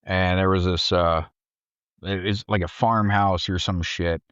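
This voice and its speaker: Profane animated male veteran storyteller. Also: measured pace, clean tone, no echo, highs cut off. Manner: profane, animated, acts out quotes in a shouted high voice. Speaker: podcast guest, Marine veteran. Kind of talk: casual storytelling.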